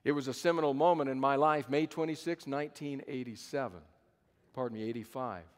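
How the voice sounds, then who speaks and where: In a conference hall with long reverb, a fifties-aged pastor delivers a sermon, dramatizing the story through emphatic repetition. He speaks at medium pitch and a little fast.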